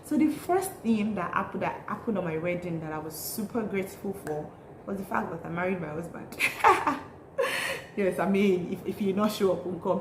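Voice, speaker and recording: A woman's voice: mid-range voice, darkish tone. A young Nigerian woman vlogging in a bubbly, chatty way, laughing often as she tells a story. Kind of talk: casual chatty vlog. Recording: roomy echo, faint noise.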